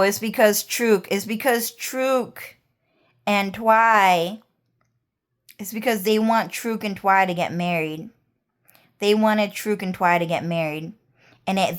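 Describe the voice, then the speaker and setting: A woman's voice: mid-range voice, clear, resonant tone. A woman talking in a rambling, repetitive monologue, casual and peppered with swearing. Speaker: vlogger.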